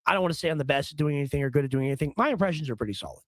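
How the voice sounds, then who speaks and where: A man hosting a casual political commentary stream, joking and rambling, his voice a little hoarse. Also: on the high side, lively intonation, very fast, no echo. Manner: joking, rambling, does comic impressions. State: slightly hoarse. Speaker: stream host.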